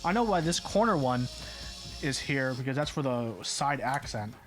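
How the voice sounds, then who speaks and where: A man talking his way through a hands-on job in a relaxed live-stream chat. He mutters puzzled asides to himself at a middling pitch, and soft music sits faintly behind him. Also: moderate pace. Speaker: streamer building a keyboard. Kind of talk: casual live-stream commentary.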